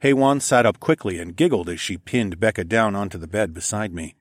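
A man narrating a first-person adult audio story in a soft, low-key, murmured voice. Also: brisk, no room sound, studio quality.

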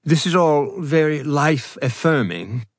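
A man reading a blunt, husky young woman. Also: fairly high pitch, expressive, slow, no echo, clean studio sound, voice pushed up. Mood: sardonic.

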